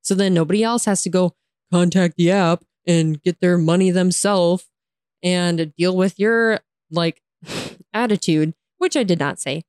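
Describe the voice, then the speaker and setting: A woman's voice: on the low side, a little slow, darkish tone, clean tone, dry recording, clean studio sound. A young woman telling a frustrating story in a casual storytime rant, exasperated, often breaking into laughter and swearing, with lots of "like". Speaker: vlogger.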